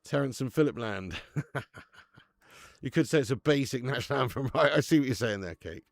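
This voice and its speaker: Male streamer, gravelly and dry-sounding; laddish live chat host who reads out viewers' names. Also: mid-range voice, animated, brisk, no echo. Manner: chatty and laddish, reading out viewer names, laughs often. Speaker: watch-along host.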